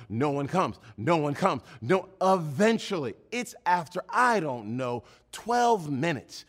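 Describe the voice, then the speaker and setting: A man's voice: fairly high pitch, very animated, takes it slowly, few pauses. A male pastor preaching a sermon. He tells a personal story, acts out his own past lines and builds to emphatic, repetitive preaching.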